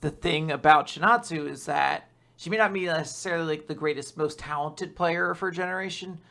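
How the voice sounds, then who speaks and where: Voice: medium pitch, a little fast, fairly bright tone. A podcast co-host in casual chat, rambling and laughing often.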